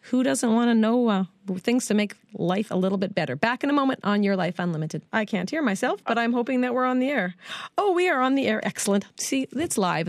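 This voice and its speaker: A woman's voice: mid-range voice, no room sound, clean studio sound. A woman hosting a live radio show and coaching, chatting easily and laughing often. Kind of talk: live radio interview chat.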